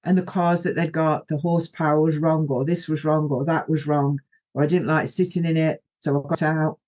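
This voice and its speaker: A woman's voice: low voice, flat delivery, fairly quick, darkish tone. Rambling middle-aged woman storyteller. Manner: rambling, anecdotal, often quoting herself. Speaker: podcast host. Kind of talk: personal storytelling monologue.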